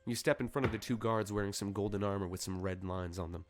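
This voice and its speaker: Game master, man, low voice, loose halting narration. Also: steady tone, background noise.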